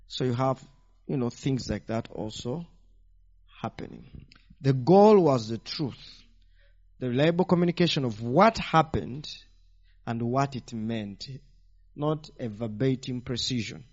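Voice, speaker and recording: Animated preacher man, dull lo-fi sound. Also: mid-range voice, measured pace, long pauses. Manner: animated, rhetorical questions to the congregation. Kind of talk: sermon teaching.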